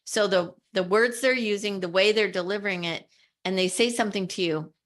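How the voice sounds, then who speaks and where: A woman co-hosts a podcast, speaking fairly quickly in a medium-pitched voice during a casual discussion. She explains things earnestly and with emphasis, sometimes quoting people in their own voices.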